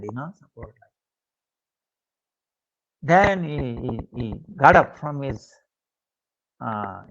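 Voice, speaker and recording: Slow gravelly male storyteller. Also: mid-range voice, dull audio. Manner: unhurried, filled with 'you know' and hesitations. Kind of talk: devotional storytelling lecture.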